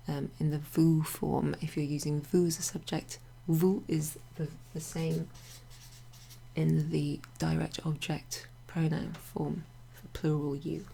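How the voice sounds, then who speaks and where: A woman teaching a casual French grammar lesson to her club members, chatty and relaxed, with many fillers and asides. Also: low-pitched, vocal fry, husky. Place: home near a greenhouse.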